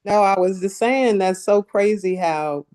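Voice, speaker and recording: A woman's voice: medium pitch, unhurried, darkish tone. A woman participant on a group call, speaking in an encouraging way.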